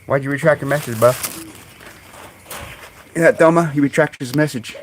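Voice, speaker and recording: Man, casual live-stream chat, mid-pitched voice, outdoors, phone mic, faint bird noise behind. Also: moderate pace, long pauses. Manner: chatty, talks to his birds in high coaxing calls. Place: outdoors in a bird yard on a sunny day. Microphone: phone camera.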